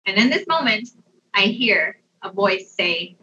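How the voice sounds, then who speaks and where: A young adult woman telling a personal story in a casual, animated way, laughing often and using lots of fillers. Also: mid-range voice, measured pace, slight background noise. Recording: dull, distant mic sound.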